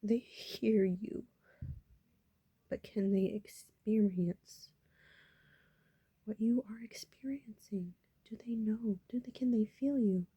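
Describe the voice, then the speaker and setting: A woman vlogger musing softly in half-whispers about personal matters. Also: mid-range voice, husky, no echo. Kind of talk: reflective personal talk.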